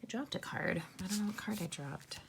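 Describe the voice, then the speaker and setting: A woman's voice: mid-range voice, fairly quick, gravelly, slight background noise. A woman giving a chatty, upbeat card-making tutorial and talking straight to her viewers. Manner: chatty, upbeat, addresses viewers as "you guys" and "sisters". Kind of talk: casual crafting tutorial.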